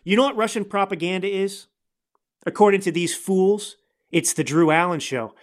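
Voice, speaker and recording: A man's voice: high-pitched, moderate pace. A man hosting a podcast, delivering angry, sarcastic political commentary in a ranting manner. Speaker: podcast host.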